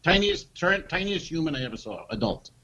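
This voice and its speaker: A man co-hosting a comedy podcast, telling an animated story and acting out the voices of the people in it. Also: a little high, brisk, highs cut off, crowd noise. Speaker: podcast co-host.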